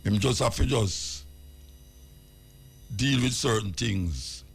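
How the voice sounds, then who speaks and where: A man's voice: lowish voice, animated, slow, vocal fry, breathy edge. An older man with a Jamaican accent, hosting a talk show and reasoning through a point, with emphatic repetition in patois. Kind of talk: casual radio reasoning.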